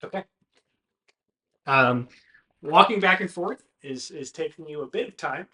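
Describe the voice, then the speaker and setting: A man's voice: a little high, lively intonation, measured pace, sharp tone. A man running a tabletop game as game master, narrating in a casual, hesitant way with frequent fillers.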